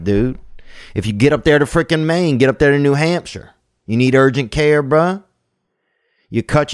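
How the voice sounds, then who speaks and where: A man's voice: medium pitch, dry recording, studio quality. A man hosting a podcast in casual chat, rambling and profane, scattering "man" and "bro" through his talk. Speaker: podcast host.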